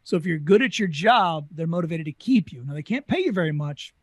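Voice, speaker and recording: A man with a Southern US accent, a former carnival talker telling stories in an interview, talking fast and animated. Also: a little high, breathy edge, no room sound. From Southern United States. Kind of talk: casual storytelling interview.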